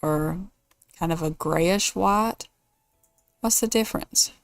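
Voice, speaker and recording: A woman's voice: fairly low pitch, slow, gravelly, no echo, studio quality, faint music behind. A woman hosting a casual let's play, thinking aloud and weighing choices as she builds. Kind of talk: casual gameplay commentary.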